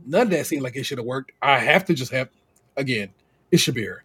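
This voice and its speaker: Husky-voiced man co-hosting a podcast. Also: mid-range voice, brisk. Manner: animated, slangy, laughs often. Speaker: podcast co-host. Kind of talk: casual recap chat.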